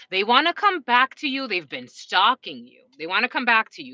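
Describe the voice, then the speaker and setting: Bright, breezy woman tarot reader. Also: on the high side, very animated, moderate pace, few pauses, dry recording, lo-fi sound. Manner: casual, profane, frequent laughing asides. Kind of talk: collective tarot reading.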